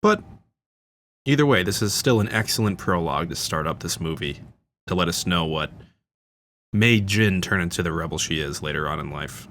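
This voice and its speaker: A man with a very low voice talks through a movie in a loose, casual commentary, chatty and openly enthusiastic, dropping fillers and restarting his sentences. A faint noise sits under his voice. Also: expressive, normal speed, a bit bright. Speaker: channel host. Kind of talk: casual film audio commentary.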